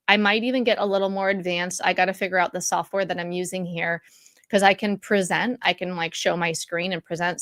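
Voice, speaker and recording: A woman's voice: lowish voice, a bit bright, no room sound, clean studio sound. A middle-aged woman hosting a live stream in a casual, rambling way, with lots of fillers and restarts. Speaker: YouTube live stream host. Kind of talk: casual live-stream chat reading comments. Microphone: studio mic for content creation.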